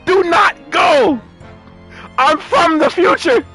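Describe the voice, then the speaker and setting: A man voicing a panicked man who pleads loudly that he is from the future, in a comedic game playthrough. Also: very high-pitched, animated, moderate pace, faint music behind, pitched above the performer's own voice, full character voice. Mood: frantic pleading. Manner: panicked, pleading, shouting warnings. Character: frantic man shouting he is from the future.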